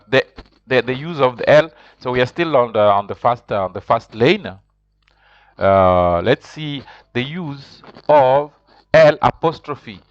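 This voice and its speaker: A man teaching a beginner language lesson, hesitant with many fillers and restarts, repeating words slowly and carefully. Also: medium pitch, no echo, muffled recording. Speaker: French teacher.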